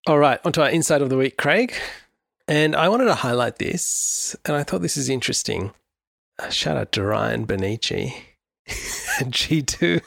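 Gravelly male podcast co-host. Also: medium pitch, lively intonation, normal speed, fairly bright tone, no echo, studio quality. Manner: conversational, segment-introducing. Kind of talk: casual marketing podcast chat.

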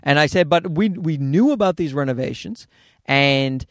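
A podcast host riffs through a casual comedic monologue at normal speed, swearing freely and wandering off on animated tangents. His high voice leaps around in pitch, and the dry recording sounds close, with no room around it.

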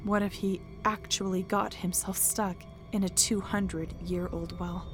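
A woman hosting a podcast, reading a scripted horror story in a steady, measured way. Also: medium pitch, over music. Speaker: podcast host and narrator.

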